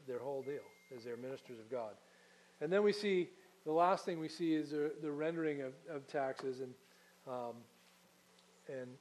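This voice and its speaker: A male pastor delivering a sermon to a live congregation. His voice sits a little high for a man, and he teaches conversationally, stopping to ask the people in front of him questions. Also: darkish tone, poor audio.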